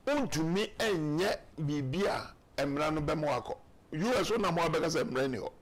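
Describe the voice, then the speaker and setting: On a political talk show, a man with a Ghanaian accent speaks emphatically, mixing Twi with English and acting out quotes. His fairly high voice is expressive and moves at a moderate pace.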